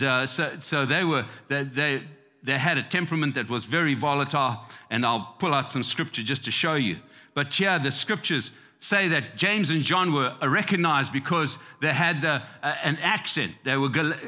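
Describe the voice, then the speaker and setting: A man's voice: a little high, sharp tone. A man who grew up in Zimbabwe preaching a sermon in a loose, conversational way, chuckling often and restarting phrases. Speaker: pastor. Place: church sanctuary. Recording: long reverb of a church hall.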